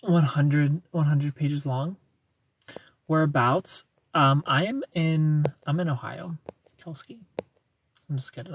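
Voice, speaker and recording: A man hosting a casual livestream, greeting viewers and answering their comments in a playful, teasing, flirty way. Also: a little high.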